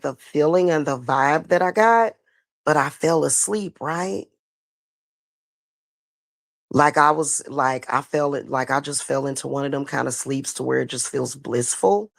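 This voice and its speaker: A woman's voice: low voice, no room sound, clean studio sound. A woman hosting a spiritual livestream, telling a story in casual, profane talk that is full of y'all. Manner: profane, animated, addresses viewers as y'all.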